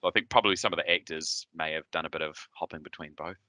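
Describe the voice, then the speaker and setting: Very deep-voiced man with a New Zealand accent. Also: fairly even intonation, fast, pushed and bright, no echo. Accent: Southern New Zealand. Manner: hesitant, many fillers and restarts. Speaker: podcast host. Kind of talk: casual chat.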